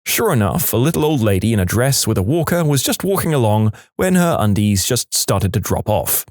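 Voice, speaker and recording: A man's voice: on the low side, very animated, brisk, darkish tone, dry recording. A man narrating a series of short workplace stories in a scripted voice-over, adding his own dry asides between them.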